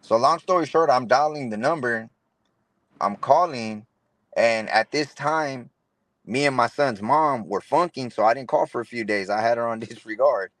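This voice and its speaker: A young man recounts his story in relaxed street slang, tossing in "bro" again and again and replaying conversations as he goes. His voice sits at an ordinary middle pitch. The recording is dry and close, with almost no room sound. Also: moderate pace, dry recording. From Los Angeles area, California. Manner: street slang, says "bro" a lot, retells dialogue. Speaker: interview guest. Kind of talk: casual storytelling interview.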